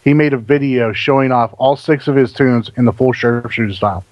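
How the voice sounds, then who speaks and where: A Southern American man hosts a casual gaming podcast over a call and reads questions from the chat. He stammers and restarts his sentences and laughs quickly. His voice sits at a middling pitch. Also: no room sound, muffled recording.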